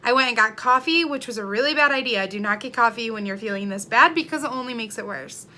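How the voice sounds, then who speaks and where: Woman, young adult, candid confessional vlog, emotional and rambling, bright tone, slightly high voice. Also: quick pace. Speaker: vlogger.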